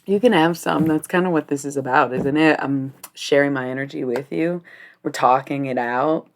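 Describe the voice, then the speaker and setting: A woman's voice: low-pitched, normal speed. A young adult woman chatting casually on a livestream while reading cards, rambling, giggly and swearing freely.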